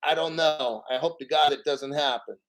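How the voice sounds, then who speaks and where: A man's voice: on the high side, moderate pace, a bit bright, poor audio. Profane, ranting crypto livestream host man. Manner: heated, swearing, rhetorical questions.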